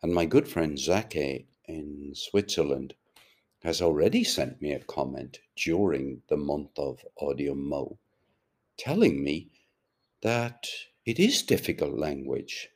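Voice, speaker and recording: A man's voice: very deep voice, expressive, slow pace, darkish tone. A man reading a novel aloud and stopping to explain it in chatty asides. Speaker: audiobook reader and podcaster.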